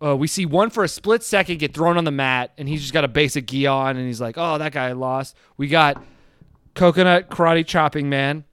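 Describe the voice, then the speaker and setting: A man's voice: on the high side, fairly quick, smooth, dry recording, clean studio sound. A man co-hosting a casual podcast, recapping a movie, laughing often and acting out characters' lines. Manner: animated, laughs often, acts out lines in shouted voices. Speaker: podcast co-host.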